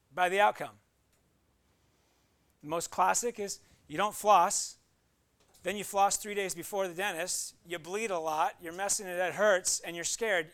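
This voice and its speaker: A man's voice: sits high, a bit bright. A man preaching a sermon, reading scripture and then talking conversationally with playful asides. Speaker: pastor.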